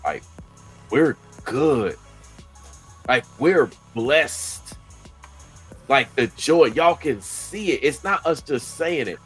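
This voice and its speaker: A man's voice: medium pitch, animated, slow pace, long pauses, breathy edge. Man, talk host, earnest and preachy in casual conversation, faint music underneath. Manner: earnest, preaching about scripture and faith. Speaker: host of a faith-based talk channel. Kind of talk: casual chat.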